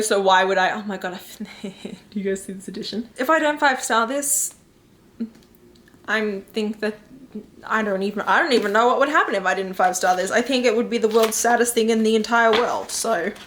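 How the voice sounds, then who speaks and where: A woman talking casually to camera as a book vlogger, chatty and excitable, filling her talk with fillers. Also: a little high. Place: home in New York.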